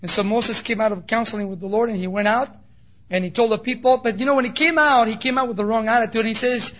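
High, bright-voiced male preacher. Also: fast. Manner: animated storytelling, casual asides. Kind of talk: sermon. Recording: dull lo-fi recording.

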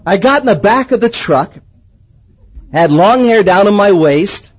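High-voiced preacher man, lively storytelling. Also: unhurried, slightly rough, dull audio. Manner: lively storytelling, swings from excited to hushed. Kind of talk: sermon with personal testimony.

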